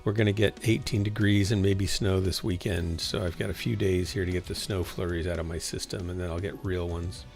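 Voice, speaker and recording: Deep and steady with vocal fry, this gamer talks a little fast and hardly pauses over faint background music. He's tired and yawning, casually chatting to a small stream audience and muttering to himself as he plays.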